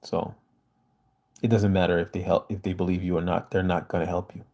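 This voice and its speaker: A man speaks in a lowish, mellow voice, hosting a casual livestream and answering his viewers. He talks earnestly and with emphasis. The sound is a plain home setup. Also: little pitch movement, a little fast. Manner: earnest, emphatic, reads chat aloud and answers. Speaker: livestream host reading viewer comments.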